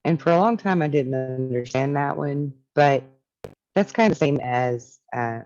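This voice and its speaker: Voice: medium pitch, unhurried, a little mellow, highs cut off, faint music behind. A spiritual teacher talking casually and reflectively, reading from a book and musing on its ideas.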